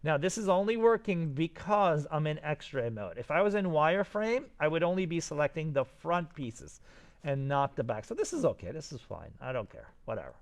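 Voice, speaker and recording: A man teaching his students a software lesson while recording his screen, narrating each click with enthusiasm and asides. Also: on the high side, very animated, moderate pace.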